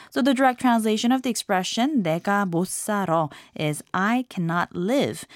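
A woman hosting a language lesson, explaining phrases clearly in scripted narration. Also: medium pitch, no room sound, studio quality.

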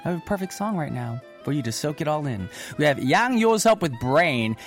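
A man's voice: a little high, big pitch swings, fairly quick, faint music behind. A man hosting a radio show in casual, playful chat, dropping easy asides as he reads listener messages. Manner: chatty and playful, with many "mm-hmm" and "y'all" asides. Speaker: radio host.

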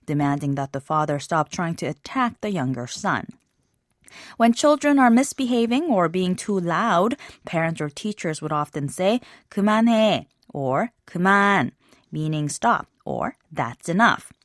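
In a clean studio recording with no room sound, a woman with a mid-range voice hosts a scripted language lesson. She explains phrases in a measured way and slows down on key words.

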